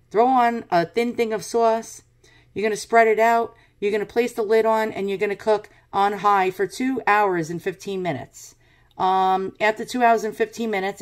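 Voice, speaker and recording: A woman with a New York accent giving a casual, blunt product review with lots of ums and uhs. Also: medium pitch. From Brooklyn, New York. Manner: chatty, blunt, many fillers.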